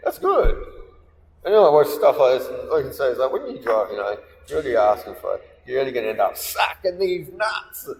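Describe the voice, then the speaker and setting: Gravelly man in an echoey room. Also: medium pitch, sing-song, brisk, a little hiss or hum. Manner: rambling crude storytelling, laughs often. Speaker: podcast co-host. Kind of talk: crude casual chat. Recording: echoey room with long reverb, faint ambience.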